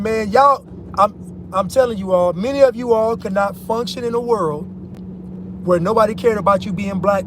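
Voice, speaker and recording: High-voiced emphatic man talking in a car. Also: a little hiss or hum. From United States. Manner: emphatic, repeats points, addresses viewers as "y'all". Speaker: vlogger. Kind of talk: opinion monologue to viewers. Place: in a car while driving.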